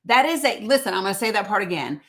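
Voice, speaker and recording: A middle-aged woman greets viewers by name on a casual livestream she hosts from her phone at home. Her mid-range, fairly bright voice is very animated and fast, and she's emphatic and chatty, restating her points again and again.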